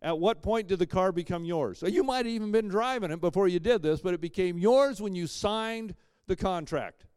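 A man's voice: high voice, brisk, clear, resonant tone, no echo. Man, pastor, sermon, emphatic, dry close sound, joking asides. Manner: swings between loud punches and quiet asides.

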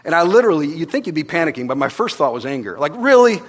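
A man preaching a sermon as pastor, telling stories with animation and swinging between hushed and loud delivery. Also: fairly high pitch, very animated, rapid-fire. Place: church hall. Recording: long reverb of a large hall.

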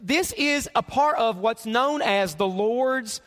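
A man preaching from a church stage with a very high voice. He talks to the room like a conversation and drives his main points home by saying them again. A long hall reverb trails after each phrase. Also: lively intonation, slow pace, a bit bright. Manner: conversational, repeats key lines for emphasis. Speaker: pastor. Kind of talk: sermon. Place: church auditorium.

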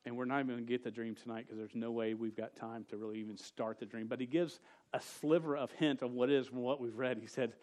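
A man preaching a casual sermon to a youth group. He tells a story with jokes and quick asides. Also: mid-range voice, fairly even intonation, a little mellow. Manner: storytelling, joking, rapid asides.

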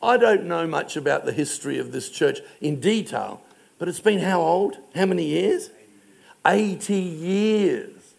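A middle-aged male pastor preaching a sermon in a church, telling stories emphatically and slowing down on key phrases. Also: fairly high pitch, lively intonation, vocal fry.

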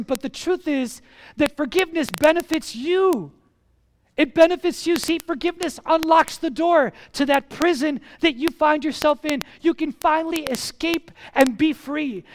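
Animated high-voiced pastor delivering a sermon, leaning on repetition. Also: a little hiss or hum.

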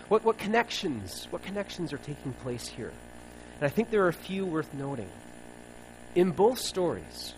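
A man's voice: medium pitch, a little hiss or hum, poor audio. Guy preaching a sermon, chatty and playful, voice bouncing all over. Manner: conversational, playful storytelling.

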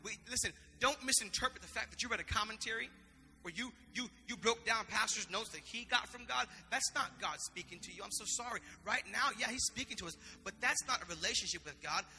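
A man's voice: sits high, brisk, pushed and bright, long reverb tail, slight background noise. A man preaching a sermon in an impassioned, conversational way, often repeating himself. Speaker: pastor.

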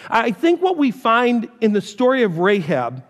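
Middle-aged preacher with long hall reverb. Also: male voice, very high voice, wildly swooping pitch, normal speed. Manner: conversational, emphatic preaching with story asides. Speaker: pastor. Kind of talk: sermon.

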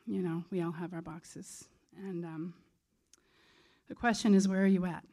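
A woman's voice: lowish voice, fairly even intonation, moderate pace, mellow. A woman preaching a sermon in an earnest, conversational way.

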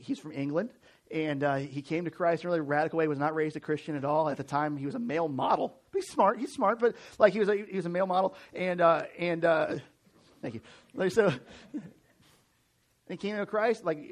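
Preaching to his congregation, this forties-aged American pastor sounds slightly high-pitched. He's animated and chatty, often backing up to restart what he's saying.

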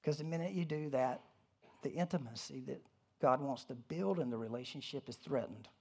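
A pastor giving a conversational sermon, animated, with humorous asides and frequent restarts. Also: medium pitch, normal speed, vocal fry, husky.

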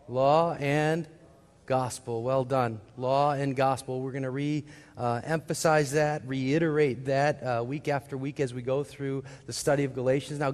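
A man's voice: mid-range voice, darkish tone, in a large hall. A man preaching a sermon as pastor, putting questions to the congregation and answering them himself. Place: church sanctuary.

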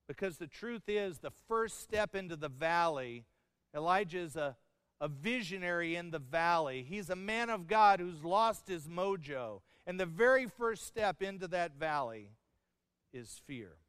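A man's voice: sits high, lively intonation, measured pace, fairly bright tone, smooth, no echo, clean studio sound, big-room sound. A middle-aged man preaching a sermon, telling stories with humor and acting out the lines of the people in them. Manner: storytelling with humor and acted-out quotes. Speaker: pastor.

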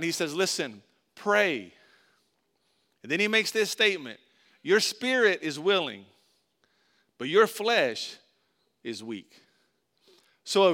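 A man's voice: on the high side, pushed and bright, smooth. A man preaching a sermon in a conversational way, asking his listeners questions and repeating key phrases for emphasis. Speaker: pastor.

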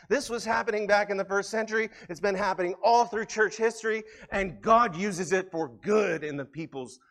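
A man preaching in a church sanctuary, his voice sitting a little high for a man. He presses hard on his key points, then drops into quiet, close asides to the congregation. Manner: earnest preaching, rising to emphatic peaks then dropping to soft, intimate asides. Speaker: pastor. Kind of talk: sermon.

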